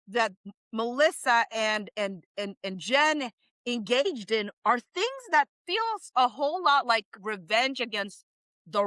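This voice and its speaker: A young woman with a high, bright and very lively voice, chatting casually on a stream and reading comments aloud. She laughs often and exclaims in disbelief, speaking at an unhurried pace. The recording is dry and close. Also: dry recording, low-quality recording.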